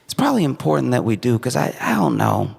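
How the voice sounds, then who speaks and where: A man's voice: mid-range voice, wildly swooping pitch, quick pace, gravelly, heavy background noise, pitched above the performer's own voice, exaggerated voice. A man voicing a young wife who rambles hesitantly, full of "like" and "I don't know.". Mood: wavering. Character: unsure young woman, wife drifting from her husband.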